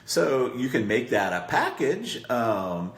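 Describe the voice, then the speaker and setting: A man's voice: mid-range voice, big pitch swings, slow pace, reverberant. A man teaching marketing copy in a coaching session, talking conversationally and checking in with "right?" as he acts out client quotes.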